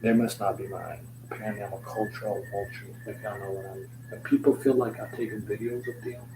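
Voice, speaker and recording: A man's voice: fairly low pitch, fairly even intonation, fast talker. A young man rambling through a joking, slangy, stream-of-consciousness vlog with loose swearing. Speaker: vlogger. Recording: noticeable background hum.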